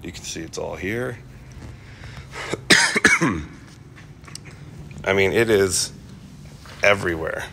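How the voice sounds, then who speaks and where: A man's voice: deep voice, moderate pace, vocal fry, fairly bright tone, slight background noise. A man vlogging casually about restoring his car, rambling with lots of fillers and restarts. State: coughing, clearing his throat. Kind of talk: casual talk to camera.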